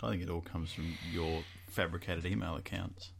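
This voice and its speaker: A man's voice: deep voice, fairly even intonation, moderate pace, vocal fry. A man joining his wife on her podcast at home, answering with dry, teasing one-liners. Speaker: co-host. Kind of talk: casual chat.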